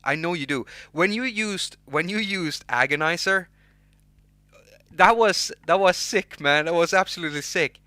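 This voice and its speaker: Young Swedish-accented male streamer, bright tense voice, dry close sound, rambling and restarting. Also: high-pitched, moderate pace, dry recording. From Sweden. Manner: rambling, restarts words, reads chat names aloud. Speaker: livestream host and music producer. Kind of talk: unscripted livestream chat.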